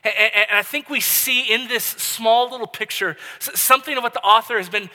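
A male pastor in his thirties delivers a sermon in a loose, conversational storytelling style, often restarting his sentences. His voice is high and very bright. The recording carries a long hall reverb. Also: fairly quick.

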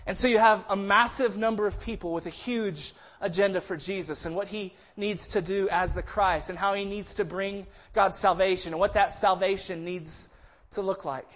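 A man's voice: high-pitched, fairly even intonation, moderate pace, few pauses, a bit bright. A man preaching a sermon in a conversational way, often restarting phrases and acting out quoted voices. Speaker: pastor.

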